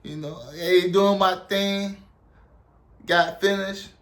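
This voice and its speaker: A man's voice: high-pitched, fairly even intonation, slow pace, fairly bright tone. A young man from South Carolina, telling a story casually and rambling with lots of "like" and "you know". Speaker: storyteller, army veteran.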